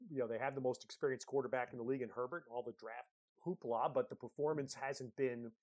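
A man's voice: medium pitch, fairly even intonation, quick pace, a little mellow. A man analyzing college football on a talk show, speaking emphatically and conversationally. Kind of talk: casual sports talk.

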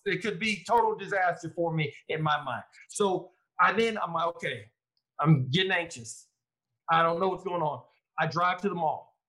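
A man, a former pro football player, telling his story in a casual interview, animated and quoting his own thoughts. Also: high voice, rough recording. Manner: animated, lively retelling with quoted inner thoughts.

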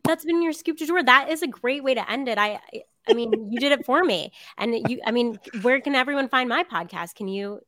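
A woman's voice: on the high side, fairly quick, a bit bright, no echo, clean studio sound. A woman hosting a podcast in a casual interview, chatty and bubbly, often saying "um" and "like". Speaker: podcast host.

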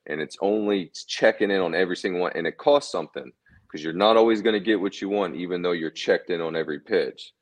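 Low-voiced man telling laid-back stories. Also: fast talker. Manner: laid-back, chuckling anecdotes. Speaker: guest, former ballplayer. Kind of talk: casual storytelling interview.

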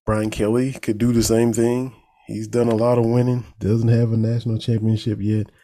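A man with an Eastern Kentucky country accent talks sports in a loose, folksy way. His voice is gravelly and dark in tone, with a mid-range pitch. He sounds like a talk host riffing on the news. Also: normal speed. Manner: folksy, animated, laughs at his own jokes. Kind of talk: casual sports commentary.

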